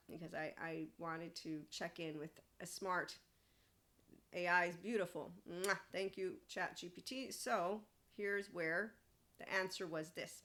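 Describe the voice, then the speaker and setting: Reading an AI response aloud and then answering it, a woman hosting a spiritual self-help podcast speaks bluntly and swears freely. Her lowish, slightly bright voice stays fairly even in intonation at a moderate pace.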